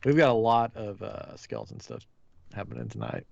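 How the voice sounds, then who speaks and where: A man's voice: on the low side, moderate pace, creaky, dry recording, muffled recording. A man hosting a casual live podcast, laughing often and restarting his intro. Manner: giggly, animated, keeps restarting. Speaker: podcast host.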